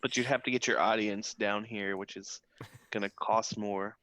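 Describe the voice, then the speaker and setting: A man's voice: fairly low pitch, fairly even intonation, moderate pace, pushed and bright. A man playing a tabletop role-playing game in casual chat, talking thoughtfully with frequent restarts. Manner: thoughtful, hesitant, lots of restarts.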